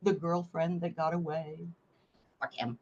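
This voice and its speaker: A woman from North Carolina, a memoir author guest telling a story in a blunt, animated way and swearing freely. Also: deep voice, a little slow, highs cut off, a little hiss or hum. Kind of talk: casual interview storytelling.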